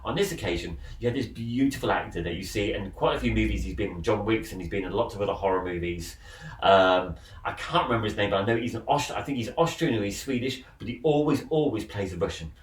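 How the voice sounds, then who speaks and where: Rambling man, low voice. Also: fast. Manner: rambling, repeats words and restarts. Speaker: film podcast host. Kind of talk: casual chat, retelling a film plot. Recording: roomy, distant mic with faint noise.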